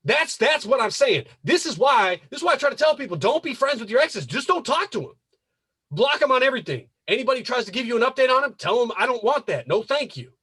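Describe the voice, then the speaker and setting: A man with a high, breathy-edged voice that swoops up and down as he rants on a casual podcast. He hammers his points home with repetition and swearing. The sound is dry, with no room around it. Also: sing-song, fast, fairly bright tone, no echo. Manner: emphatic, repetitive, profane. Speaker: podcast host.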